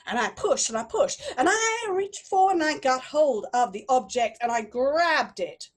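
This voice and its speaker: A woman improvising a story live, telling it dramatically with long pauses. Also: high voice, lively intonation.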